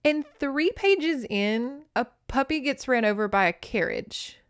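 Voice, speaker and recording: A woman's voice: high voice, lively intonation, a little slow, few pauses, smooth. A woman hosting a podcast, casually and playfully recapping a novel with joking, dramatic asides. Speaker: podcast host. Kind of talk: casual book recap and reading aloud.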